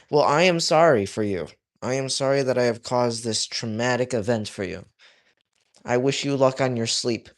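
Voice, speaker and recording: A young man chatting casually on his livestream while he draws, reading viewers' comments aloud and joking around, his voice swinging from loud to mumbled. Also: medium pitch, normal speed. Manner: reads chat aloud, jokey, drifts loud to mumbling. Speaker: livestreaming artist.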